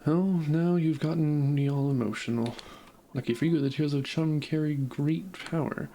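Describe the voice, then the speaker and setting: A man reading the lines of a gentle, cooing, motherly female creature queen in a game. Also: fairly high pitch, normal speed, a little hiss or hum, natural voice.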